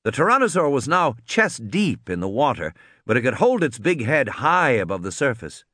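A man narrating a story aloud, expressive, doing voices for the characters. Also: medium pitch, moderate pace, husky, no echo, studio quality. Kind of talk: audiobook reading.

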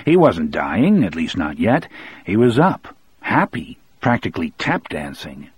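A man reading an audiobook in a measured, unhurried storytelling way. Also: low-pitched, wildly swooping pitch, slightly rough. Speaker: audiobook narrator. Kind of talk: audiobook narration.

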